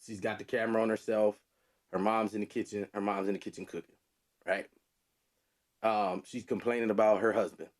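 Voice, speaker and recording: A man in mid pitch recounts a story on a casual podcast. He rambles, circles back and leans on fillers as he goes. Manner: rambling, repeats himself, many fillers. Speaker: podcast co-host.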